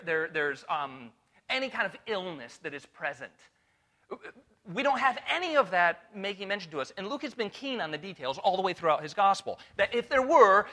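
Male Bible teacher, sermon delivery, higher than usual voice, animated questioning style. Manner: animated, full of rhetorical questions. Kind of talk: expository sermon to a room. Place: room with a live audience.

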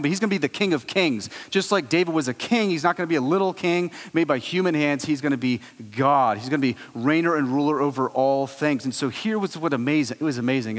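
A man preaching a sermon, telling the story with animated swings between loud exclaiming and hushed low tones. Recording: long hall reverb.

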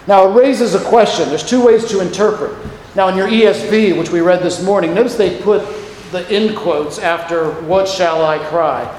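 A man preaching a sermon, lively and acting out the voices in the passage he reads. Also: high-pitched, normal speed, slight background noise. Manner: animated, acts out the voices of the passage. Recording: echoey hall with long reverb.

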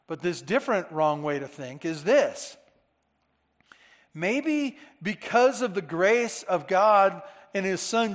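A man preaching a Sunday-morning sermon to his church, earnestly repeating phrases for emphasis. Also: high voice. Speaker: pastor. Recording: long reverb of a large hall.

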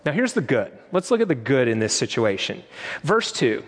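A man's voice: medium pitch, big pitch swings, moderate pace, in a large hall. A man preaching a sermon in an earnest, conversational way, now and then quoting prayers aloud. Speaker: pastor.

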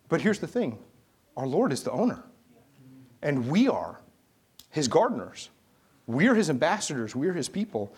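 A middle-aged male pastor preaching a sermon, telling a story and rising into emphatic exhortation. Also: on the high side.

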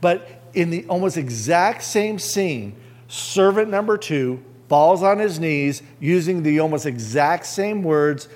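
A man's voice: a little high, animated, slow, a little mellow. A man as a pastor, preaching a conversational sermon and asking the listeners rhetorical questions.

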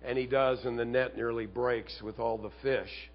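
A man's voice: mid-range voice, steady tone, normal speed, muffled recording. A man preaching an expository sermon, moving between Bible explanation and storytelling. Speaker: pastor.

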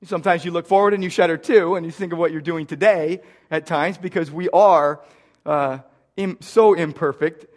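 A middle-aged man with a notably high voice delivers a sermon in an earnest way. He circles back and repeats his key phrases to drive them home. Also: steady tone, moderate pace. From United States. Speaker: pastor.

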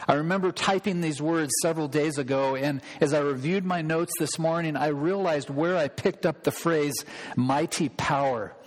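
A pastor delivering a sermon, emphatic and repeating key phrases for weight. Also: male voice, a little high, moderate pace. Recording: long reverb of a large hall.

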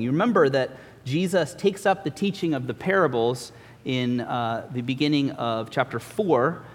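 Preaching man in a reverberant church. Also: mid-range voice. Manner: earnest, with frequent uh fillers and restarts. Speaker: pastor. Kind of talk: sermon. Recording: long reverb of a church hall.

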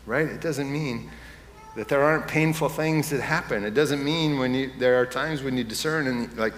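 Male pastor, mid-pitched, conversational sermon voice that builds to fervent emphasis; long church reverb, faint ambience. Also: normal speed, a little hiss or hum. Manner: conversational preaching that rises to impassioned emphasis. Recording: echoey hall with faint room ambience.

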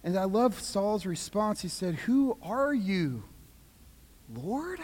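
A man preaching a sermon, dramatic, swinging from loud pleading to hushed quiet. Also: sits high, sing-song, slow pace. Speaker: pastor. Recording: long reverb of a large hall.

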